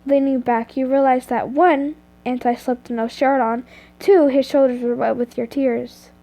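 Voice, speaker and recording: Sex: woman. Style: reading a story aloud. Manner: stumbling, self-correcting, slow. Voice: high and mellow. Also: steady tone. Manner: stumbles and corrects herself often. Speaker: reader of fan fiction.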